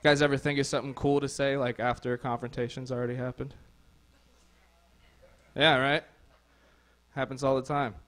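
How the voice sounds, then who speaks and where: A man's voice: medium pitch, level tone, normal speed, pauses often, a bit bright. A young man performing a stand-up comedy set on a club stage, sardonic and crude, rambling with lots of "like.".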